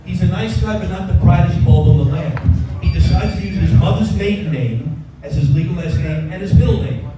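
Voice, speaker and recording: A man's voice: sits high, a little fast. An older man doing a wisecracking, rambling stand-up set and bantering with the audience. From Long Island. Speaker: stand-up comedian. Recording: roomy club sound from a distance, with music.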